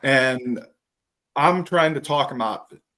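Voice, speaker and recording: A man hosting a podcast, telling profane, animated stories and acting out what others said in casual chat. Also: medium pitch, measured pace. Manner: profane, animated storytelling with acted quotes. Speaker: podcast host.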